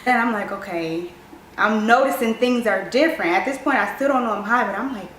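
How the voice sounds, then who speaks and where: A young woman telling a storytime vlog, animated and acting out what people said. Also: a little high, a little fast, roomy sound, far from the mic, slight background noise, low-quality recording. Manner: animated storytelling, acts out quoted voices. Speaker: vlogger.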